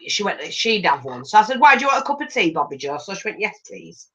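An older grandmother who hosts a craft channel chats rapidly while working through a tutorial, her mid-range voice animated as she acts out little voices in her stories. The audio quality is poor.

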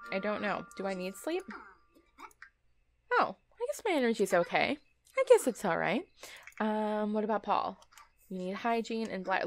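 A woman giving casual, chatty commentary while playing a game, talking to her characters, often laughing and repeating herself in exasperation. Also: medium pitch. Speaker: let's play host.

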